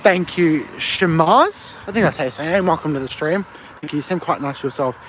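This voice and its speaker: Slightly fast and a bit bright, this man's voice runs on the high side, with slight background noise. He has an Australian accent and is livestreaming on a windy night street, reading and replying to viewer comments through a phone mic.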